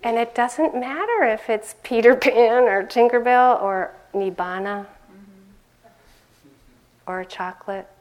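An older woman giving a conversational dharma talk as a meditation teacher, laughing often and growing animated as she tells stories. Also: on the high side, slow, long pauses.

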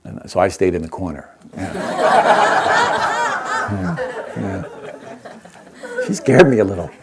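A man who teaches meditation, telling a story to an audience in a gentle, unhurried way and often checking in with his listeners. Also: low voice, animated. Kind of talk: storytelling talk to a live audience.

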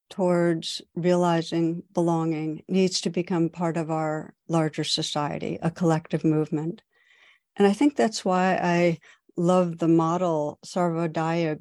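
A woman, a meditation teacher, giving a dharma talk in a gentle, unhurried storytelling manner. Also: fairly low pitch, no room sound, clean studio sound.

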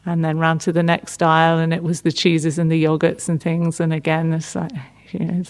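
Soft-spoken woman giving a meditation talk. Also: low voice, monotone. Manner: gentle, unhurried, with frequent restarts and fillers. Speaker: meditation teacher. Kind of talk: dharma talk.

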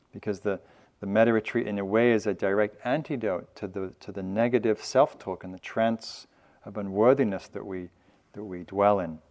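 A man teaching at a meditation retreat, speaking in a gentle, loose, conversational way with light self-mocking humor. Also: fairly low pitch. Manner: loose, with frequent fillers and restarts. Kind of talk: dharma talk at a meditation retreat.

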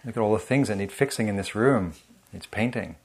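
A man's voice: on the low side, fast talker, slight background noise. A man giving a meditation teaching in a humorous, conversational, self-deprecating way. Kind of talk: dharma talk.

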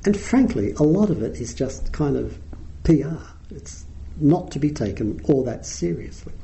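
A man's voice: a little high, sing-song, normal speed, creaky, warm tone, slight background noise, poor audio. A middle-aged man giving a dharma talk as a meditation teacher, telling wry anecdotes and chuckling at his own stories.

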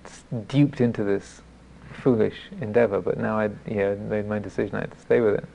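A man, a Buddhist monk teacher, giving a dharma talk as self-deprecating storytelling, halting with many restarts. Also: fairly low pitch, little pitch movement, creaky, dark tone, slight background noise.

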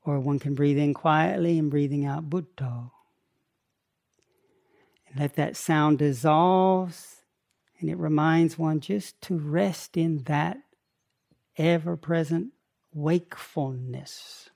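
Slow, gravelly-voiced older male meditation teacher. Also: on the high side, steady tone. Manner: slow, gentle, pausing between short phrases. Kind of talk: guided meditation talk.

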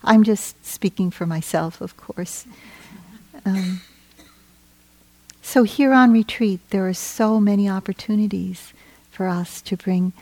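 Woman meditation teacher, dharma talk: warm, mellow, gentle and reflective, dry close sound. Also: medium pitch, slow, long pauses, no room sound. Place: meditation retreat.

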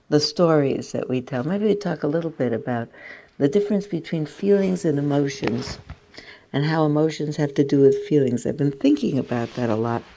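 Low gravelly older woman teaching. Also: slight background noise. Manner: gentle, reflective storytelling with soft laughs. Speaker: meditation teacher. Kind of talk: dharma talk to a group.

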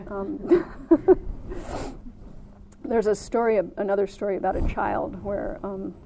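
Gentle woman giving a meditation talk. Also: mid-range voice, fairly even intonation, creaky, slight background noise, poor audio. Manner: gentle, unhurried, many ums, laughs at her own stories. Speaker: meditation teacher. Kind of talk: dharma talk. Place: meditation retreat center.

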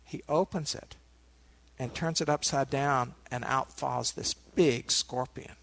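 A man giving a meditation dharma talk, a relaxed storyteller who adds asides to his listeners. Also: medium pitch, slow pace, vocal fry. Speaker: meditation teacher.

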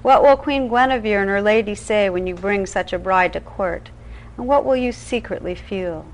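Enchanted noble bride, soft and earnest, gentle voice, a woman reading her part in a story. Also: medium pitch, normal speed, natural voice, low-quality recording. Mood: pleading.

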